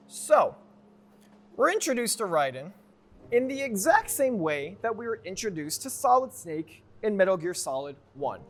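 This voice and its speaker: YouTuber, male, slightly high voice: loose, joking lore recap with self-corrections, soft guitar underneath. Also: sing-song, normal speed. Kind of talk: casual game lore recap.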